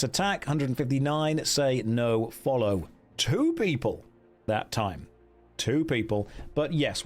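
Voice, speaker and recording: A man streaming a gamebook, chatting with his viewers about their votes and reading the story passages aloud. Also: on the high side. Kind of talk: live-streamed gamebook play with chat votes.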